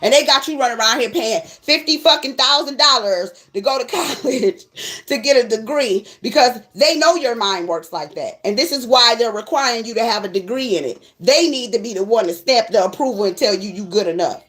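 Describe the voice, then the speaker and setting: A woman's voice: a little high, expressive, brisk, a bit bright. A woman tarot reader ranting casually to her viewers, blunt and profane as she scolds them.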